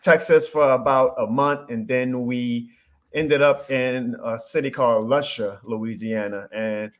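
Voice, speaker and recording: A man's voice: medium pitch, unhurried. A man in his thirties from New Orleans with a thick New Orleans accent, telling stories as a podcast guest in an upbeat, earnest way. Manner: animated storyteller, upbeat and earnest. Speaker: guest content creator. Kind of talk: casual podcast chat.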